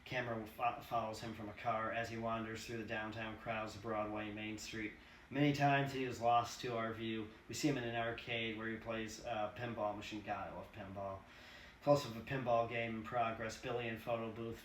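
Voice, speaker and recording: A man's voice: lowish voice, level tone, moderate pace, fairly bright tone. Man reading a screenplay aloud. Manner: casual asides, swearing. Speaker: reader. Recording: roomy, distant mic, faint hiss.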